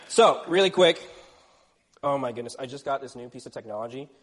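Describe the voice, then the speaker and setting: A young man from Texas, serving as youth pastor, preaching a lively, joking sermon in a church. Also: mid-range voice, a little fast. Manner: energetic, joking, playful asides. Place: church sanctuary. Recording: reverberant church hall.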